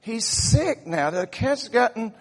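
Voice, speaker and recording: A man's voice: very high voice, lively intonation, takes it slowly, big-room sound, pitched above the performer's own voice, heavily acted. A man voicing a fussy wife who lectures her husband over the phone, drawing out her words. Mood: scolding.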